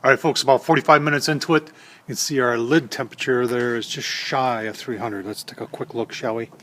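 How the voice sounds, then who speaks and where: A man's voice: mid-range voice, fairly even intonation, a little fast, a bit bright, a little hiss or hum. Folksy middle-aged man cooking. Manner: folksy, chatty, addresses viewers as folks. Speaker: cooking channel host. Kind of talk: casual cooking demo to camera.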